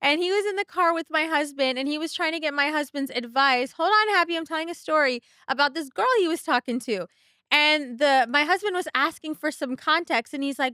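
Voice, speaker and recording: A bright, high-voiced woman in her thirties swaps blunt, profane stories as a podcast co-host. The sound is dry and close. She talks casually and swears freely. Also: fairly quick, dry recording. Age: 30s. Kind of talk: casual chat.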